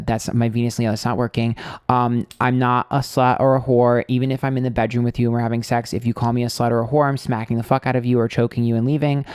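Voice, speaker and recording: A man's voice: mid-range voice, a little mellow, clear, resonant tone, no echo, clean studio sound. A man reading tarot on a live stream, chatting casually, blunt and candid, ranting with swearing and lots of fillers.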